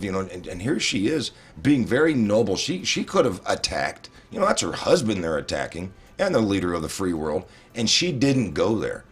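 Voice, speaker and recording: A man with a husky voice that swings widely in pitch as he rants in casual political chat. He sounds heated and stammers when he gets going. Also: very animated, fairly quick, few pauses. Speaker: political talk show co-host.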